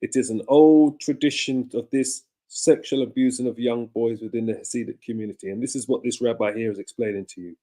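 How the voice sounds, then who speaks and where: A man's voice: mid-range voice, fairly even intonation, brisk, hardly any pauses, warm tone. A man acting as commentator, explaining played clips and restating what was said in them. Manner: explanatory, repeats and restates the quotes.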